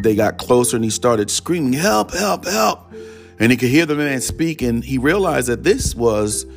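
A man's voice: on the low side, creaky. A man preaching in a conversational storytelling style, often repeating "he said" as he goes. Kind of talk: storytelling sermon.

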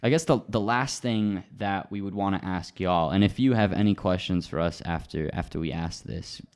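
A man hosting a podcast, asking questions in a casual, halting way. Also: low-pitched, darkish tone, clean tone. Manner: halting, restarts phrases. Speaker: podcast host. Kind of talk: casual interview.

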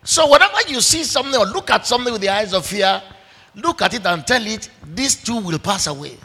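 A man's voice: high voice, very animated, fairly quick, pushed and bright, husky. A man, a pastor preaching a sermon with animation and acting out the dialogue of a story. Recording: echoey hall with long reverb.

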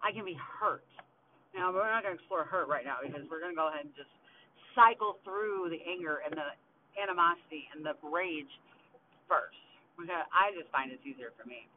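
A woman's voice: sits low, brisk, slight background noise. Angry swearing woman on a tinny line. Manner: angry, heavy swearing, ranting. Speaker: podcast host. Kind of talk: venting monologue.

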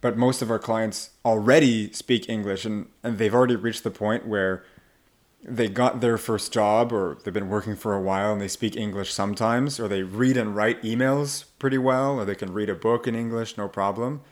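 An accent coach talks casually in an interview, animated and acting out the voices of people he quotes. His voice sits on the low side at a normal speed.

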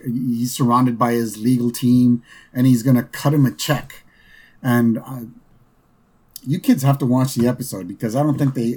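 A man hosting a podcast, casually recapping a cartoon episode in a rambling way, with lots of fillers and "right?" asides. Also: medium pitch. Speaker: podcast host.

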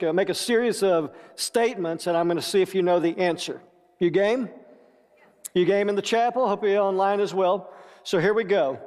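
A man preaching a sermon as pastor, deliberate and measured, with playful asides to the congregation. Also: sits high, a little mellow. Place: church sanctuary with long reverb. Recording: echoey church hall.

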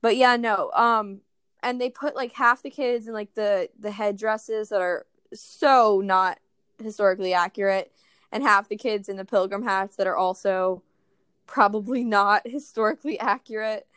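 A young woman from Maryland in casual chat, animated and opinionated, with frequent likes. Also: mid-range voice, normal speed, smooth, no echo.

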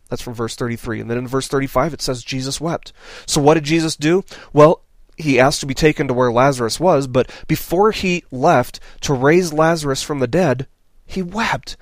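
A man preaching a sermon in an earnest way, asking rhetorical questions and dropping softly on key phrases. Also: mid-range voice, no echo.

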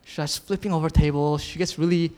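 A man's voice: on the high side, steady tone, brisk, darkish tone. Young man giving a chatty sermon. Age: 20s. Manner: casual, lots of filler words, chuckles often. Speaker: youth speaker sharing a message. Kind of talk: informal sermon talk.

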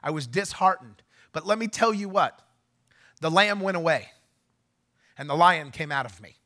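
A male pastor telling a story during a sermon, animated and getting loud when he acts out what was said. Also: a little high, moderate pace. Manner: animated, shouts when acting out quotes. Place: church.

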